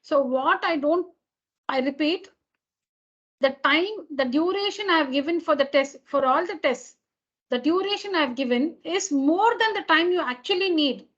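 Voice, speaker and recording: A woman's voice: high-pitched, lively intonation, moderate pace, a bit bright, muffled recording. A woman teacher talking to her students in an online class. She explains patiently, repeating and rephrasing each point. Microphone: computer mic on a video call.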